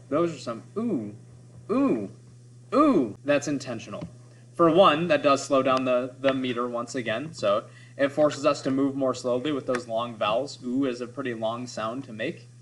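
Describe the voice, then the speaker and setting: A man's voice: medium pitch, a bit bright, a little hiss or hum. Man teaching poetry sound devices. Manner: explanatory, with frequent "right?" checks and sounded-out examples. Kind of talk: classroom lecture on poetry.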